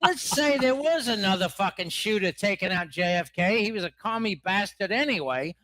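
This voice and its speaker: A man voicing a brash, profane Australian army sniper with a put-on Australian accent, talking loud and boastful. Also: high-pitched, lively intonation, moderate pace, a crowd in the background.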